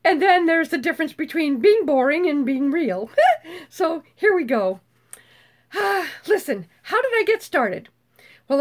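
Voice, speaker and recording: This YouTube host, an older woman, chats casually and live in a high voice with wide ups and downs. She's bubbly, curses freely, and screeches whenever excitement takes over.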